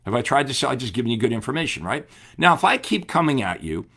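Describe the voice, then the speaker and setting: A man coaching real estate agents in a seminar talk, energetic and asking the audience questions. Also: medium pitch, fast, vocal fry, slightly rough.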